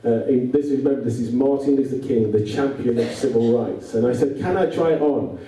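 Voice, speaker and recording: A man giving a humorous talk to an audience, with a dry, wry, deadpan delivery. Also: medium pitch, brisk, a crowd in the background. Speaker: speaker addressing youth workers. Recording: echoey hall, voice from far off.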